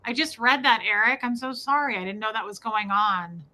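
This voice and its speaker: A young woman co-hosting a casual livestream chat, telling stories with gushing, animated energy. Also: fairly high pitch, moderate pace, a crowd in the background, low-quality recording. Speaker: co-host.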